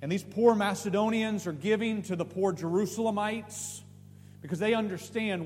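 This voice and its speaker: A man with a high voice preaches a sermon, pressing his points with emphatic questions that climb in pitch. His voice rings in a reverberant church hall. A faint hum sits underneath. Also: normal speed, a little mellow. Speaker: pastor.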